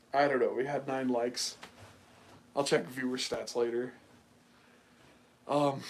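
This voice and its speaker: A young American livestream host with a medium-pitched voice chats casually, rambling through many fillers with an animated, mocking tone. There's a little hiss or hum in the audio.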